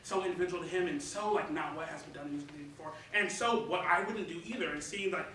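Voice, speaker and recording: A man's voice: fairly high pitch, fast, sharp tone. A young man from Michigan, a composer, talking in a rambling, casual way full of fillers. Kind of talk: casual chat. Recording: echoey distant noisy room mic.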